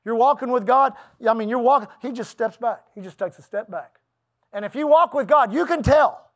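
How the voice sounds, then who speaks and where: Folksy pastor preaching, high voice. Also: male voice, moderate pace. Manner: storytelling, folksy and emphatic, with laughs and asides to the congregation. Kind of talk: sermon.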